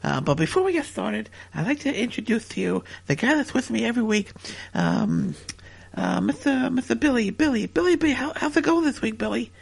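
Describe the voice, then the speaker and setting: High, gravelly, stammering woman podcaster. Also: very animated, fairly quick. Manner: stammering, repeats words, giggles. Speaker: podcast host. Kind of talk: rambling comedic parody chat.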